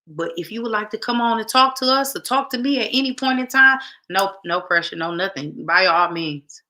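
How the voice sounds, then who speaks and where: A woman's voice: medium pitch, animated, normal speed, pushed and bright. A woman hosting a casual talk show, speaking emphatically straight to her viewers and repeating phrases for weight. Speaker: show host.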